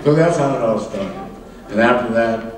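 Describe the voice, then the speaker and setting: On stage as an interview guest, an older man with a medium-pitched, expressive voice shares anecdotes from his life, chuckling often and halting with fillers. The live conversation is recorded with a distant mic in a roomy hall.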